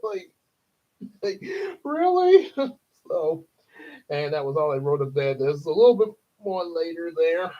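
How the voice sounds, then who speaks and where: A man's voice: fairly high pitch, normal speed, pauses often. A young man, hosting a casual livestream, rambling with frequent chuckles and fillers. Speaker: livestream host. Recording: dull lo-fi stream audio.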